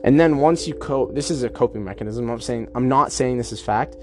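A man's voice: mid-range voice, fairly quick, faint music behind. Chatty man musing in a monologue. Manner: chatty, acts out imagined dialogue. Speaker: podcast host. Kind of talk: casual self-help monologue.

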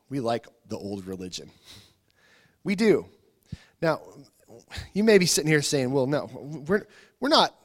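A male pastor delivers a conversational sermon in an informal style, speaking at a medium pitch. He often repeats words and poses questions to the congregation.

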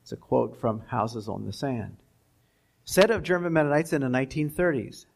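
Gravelly man giving a history lecture. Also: mid-range voice, animated. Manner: deliberate, pauses for asides and reads quotations. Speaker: guest lecturer. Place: school lecture.

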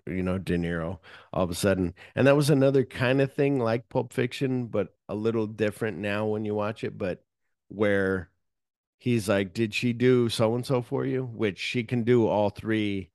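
Man, podcast host, low voice, dry close sound, loose movie recap, filler-heavy. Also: measured pace, no echo. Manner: animated retelling, mixing read plot summary with offhand asides; frequent fillers and casual swearing. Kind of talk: casual movie recap chat.

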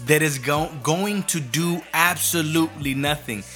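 A man's voice: on the high side, unhurried, bright, forceful tone, soft background music. A man in his fifties ranting sarcastically in a casual talk, heated and swearing. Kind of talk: casual rant.

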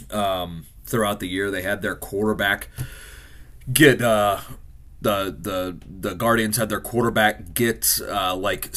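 A man hosting a casual football reaction video, frustrated and swearing, swinging from loud outbursts to low mutters. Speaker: sports fan reaction host.

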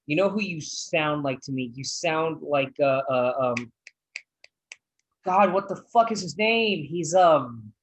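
A man with a soft, scratchy voice chatting casually on a podcast. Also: fairly high pitch, lively intonation, takes it slowly, husky. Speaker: podcast co-host. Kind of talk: casual chat.

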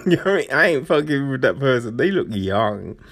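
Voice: medium pitch, big pitch swings, brisk. A speaker ranting in blunt, profane commentary, heavy on slang and fillers, mocking excuses with acted-out quotes. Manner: incredulous, mocks with acted-out quotes.

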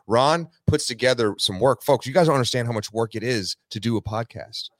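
A man's voice: medium pitch, fairly quick, no room sound. A man appearing as a podcast guest who talks in an upbeat, motivational way. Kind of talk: casual podcast chat.

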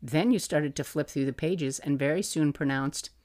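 A middle-aged woman with a low voice reads from a journal she once kept for her little boy. Her delivery is fond and motherly, broken now and then by soft laughs. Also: moderate pace. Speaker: podcast host. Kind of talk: reading aloud from a family journal.

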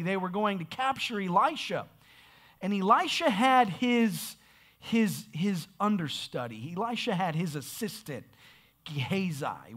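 A man preaching a sermon with energy, often repeating words as he restarts and building up to shouts. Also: sits high. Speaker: pastor.

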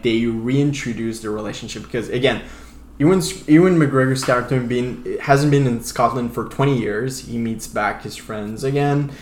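Hesitant French Canadian man, echoey room. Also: medium pitch. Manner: hesitant, searching for words. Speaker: podcast co-host. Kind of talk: casual chat. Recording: echoey room with faint hiss.

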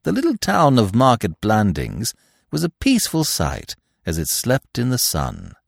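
A man narrating a classic novel in a lively, expressive storytelling manner. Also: mid-range voice, a little slow, creaky, dry recording, clean studio sound.

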